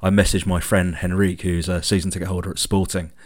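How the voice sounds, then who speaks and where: Man, deep voice, podcast guest, hesitant storytelling, fillers. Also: little pitch movement, quick pace. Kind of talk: casual football podcast chat.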